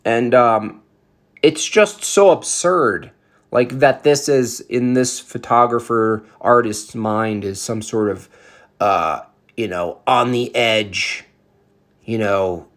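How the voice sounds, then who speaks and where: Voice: mid-range voice, takes it slowly. A vlog commentator ranting about photographs in a heated, sarcastic way, with many fillers.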